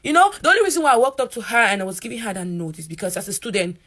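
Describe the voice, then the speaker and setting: A young woman from Africa, a college student, ranting to camera in an animated storytime. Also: rapid-fire. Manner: animated, voices quotes in a higher pitch.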